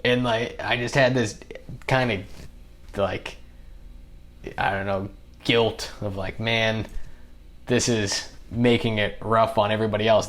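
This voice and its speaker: A young man, a podcast guest, telling a story in a casual, animated way and acting out what others said. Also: fairly low pitch. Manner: animated, acts out other people's lines in the telling.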